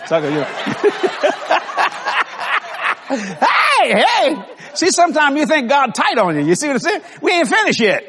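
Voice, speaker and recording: Animated preacher with a drawl. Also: male voice, very high voice, unhurried, long pauses. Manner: folksy storytelling, animated, laughs often. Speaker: pastor. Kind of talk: sermon. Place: church sanctuary. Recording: long hall reverb.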